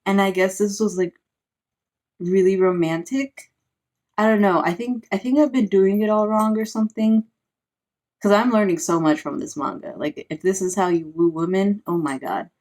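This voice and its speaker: A woman's voice: mid-range voice, steady tone, normal speed, a little mellow. Woman, sarcastic, casual book recap, lots of filler words. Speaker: book reviewer; parent.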